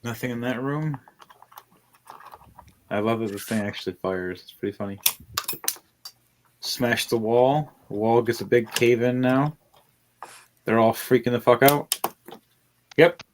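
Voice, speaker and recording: A man's voice: mid-range voice, a little slow, long pauses, background noise. A man narrating as dungeon master, loose and rambling, with fillers and the odd curse. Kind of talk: narrating a tabletop game.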